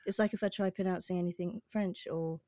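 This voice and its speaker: A woman's voice: on the low side, steady tone, brisk, dark tone, no room sound. A woman with an English accent chatting and musing aloud in a casual podcast conversation. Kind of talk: casual chat.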